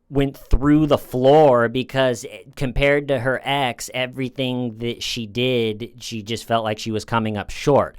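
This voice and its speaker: A man's voice: mid-range voice, clean tone, dry recording, studio quality. A man hosting a casual commentary, talking in a sarcastic, mocking way. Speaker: commentary host.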